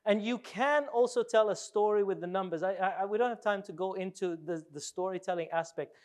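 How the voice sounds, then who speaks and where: Brief: high-pitched male speaker, animated and playful, works the room. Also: fairly quick. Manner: animated, jokey, asks the audience questions. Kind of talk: live workshop talk.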